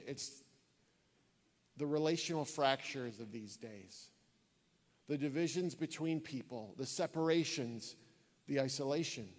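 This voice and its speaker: A man's voice: medium pitch, measured pace, pauses often, long reverb tail. A man giving an earnest sermon-style talk to a church audience, telling stories and repeating key phrases for emphasis. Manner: earnest storytelling, emphatic repetition. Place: church hall before an audience.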